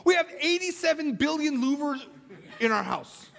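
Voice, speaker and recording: High-voiced pastor in an echoey church. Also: male voice, moderate pace, gravelly. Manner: storytelling with humor, swings from animated to soft and earnest. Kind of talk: sermon. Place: church sanctuary.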